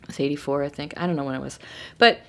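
A middle-aged woman telling a personal story in a casual, animated way, acting out what people said. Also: sits low, rapid-fire. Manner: animated, acts out quoted voices. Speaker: storyteller guest.

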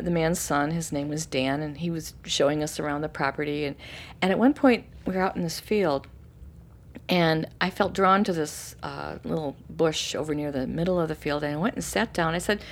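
A woman telling a personal story in casual conversation, animated, acting out quoted voices and dropping to a hushed tone for calm moments. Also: moderate pace. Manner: animated, acts out quoted voices with sudden high bursts; drops to soft, hushed narration for calm moments. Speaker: interview guest.

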